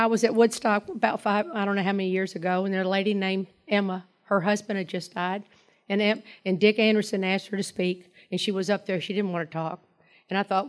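A woman with a Southern US accent sharing her personal story at a recovery meeting, in a lively, rambling storytelling way. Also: mid-range voice, fairly quick. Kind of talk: personal testimony to a group.

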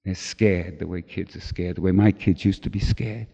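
Speaking at a recovery meeting, this middle-aged man recounts his own recovery in a lively way, doing the voices of the characters in it. His low, gravelly voice has a breathy edge and a moderate pace, echoing with long reverb through a big hall on a dull, lo-fi recording.

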